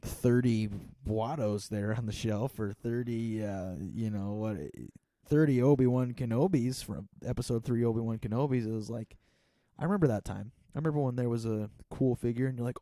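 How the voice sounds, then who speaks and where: A man's voice: mid-range voice, moderate pace, warm tone, dry recording. A man in his twenties co-hosting a podcast in a casual, rambling chat full of filler words. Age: 20s. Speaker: podcast co-host.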